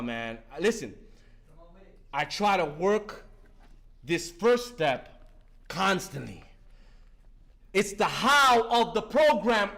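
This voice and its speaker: A man's voice: very high-pitched, bright, forceful tone. A man in his fifties giving a fervent, profane share at a recovery meeting, talking street-style and breaking in with "listen" again and again. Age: 50s.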